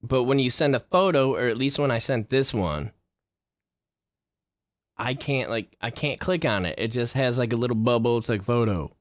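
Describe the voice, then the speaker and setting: A man's voice: mid-range voice, normal speed, dry recording. Profane rambling man, dry close sound. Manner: profane, rambling, gets worked up. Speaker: vlogger. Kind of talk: casual rambling monologue.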